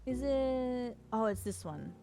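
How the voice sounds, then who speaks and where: A woman talks slowly and gushes to her live-stream viewers in a casual, cooing way. Her voice sits on the higher side, and faint music plays underneath. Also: lively intonation, gravelly. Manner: gushing, cooing over cats, talking to chat.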